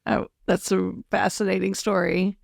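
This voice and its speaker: A woman hosting a casual conversation, chatty and quick to finish her guest's sentences. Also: medium pitch, flat delivery, creaky, no room sound, studio quality. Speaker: podcast host.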